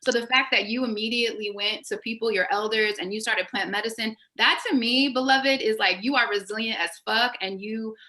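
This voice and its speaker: A woman's voice: on the high side, a little fast, hardly any pauses, pushed and bright, poor audio. A woman speaking passionately and intensely as a panel guest in a casual conversation, affirming the other speaker.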